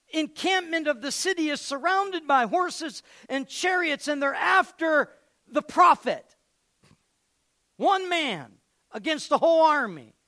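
A man's voice: very high-pitched, bright, forceful tone. A man preaching a sermon and retelling a story, acting out its scenes.

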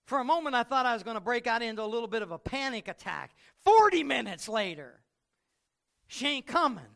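A middle-aged man preaching a sermon as pastor, telling stories with loud outbursts and quiet reflective stretches. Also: extremely high pitch, gravelly.

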